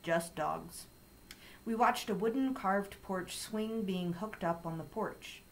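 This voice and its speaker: A woman reading a children's chapter book aloud in calm, steady storytelling. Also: medium pitch, measured pace, a little hiss or hum, low-quality recording. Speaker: story reader.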